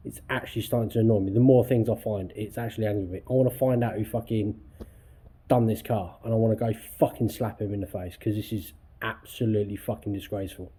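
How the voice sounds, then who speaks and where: A man's voice: fairly low pitch, steady tone, fast talker, mellow, husky. A man restoring a car in his workshop vlog, ranting angrily with heavy swearing. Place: garage workshop.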